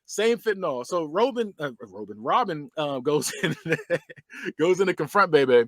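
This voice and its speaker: A man's voice: on the high side, sing-song, normal speed, fairly bright tone, a little hiss or hum. A man hosting a podcast, casually reviewing a movie and retelling scenes with plenty of laughs and slang. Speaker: podcast host.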